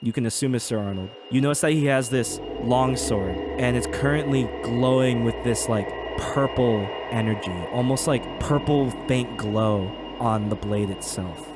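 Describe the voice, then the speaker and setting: A man acting as game master, narrating a tabletop fantasy game in a relaxed, chatty way with many hesitant fillers. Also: mid-range voice, normal speed, hardly any pauses, heavy background noise.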